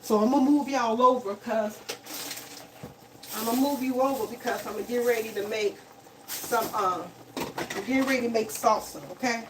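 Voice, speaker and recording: A woman's voice: a little high, steady tone, normal speed, pauses often, background noise. A woman hosting a casual live cooking stream in her home kitchen, chatting to viewers as y'all and tagging okay onto her lines. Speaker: cooking livestream host.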